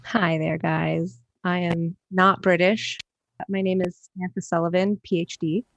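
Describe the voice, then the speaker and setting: A woman in her thirties, a guest on a comedy podcast, talking in a deadpan, matter-of-fact way. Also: fairly low pitch, measured pace, creaky, muffled recording. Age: 30s.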